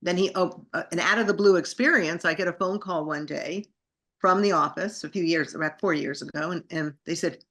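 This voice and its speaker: Effusive, lower-voiced woman interview guest. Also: a little fast, a bit bright. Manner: enthusiastic, effusive and grateful. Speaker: guest, singer and actress. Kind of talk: conversational interview storytelling.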